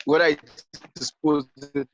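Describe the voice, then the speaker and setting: A male student answering his teacher in class. He is polite, calls the teacher "sir", and explains himself haltingly, restarting his sentences. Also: a little high, little pitch movement, highs cut off, a little hiss or hum.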